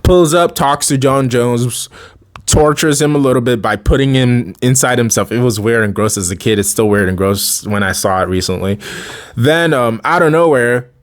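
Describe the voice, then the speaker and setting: A man's voice: medium pitch, normal speed. A man giving casual, rambling commentary as a fan video creator, often correcting himself mid-sentence and chuckling between thoughts.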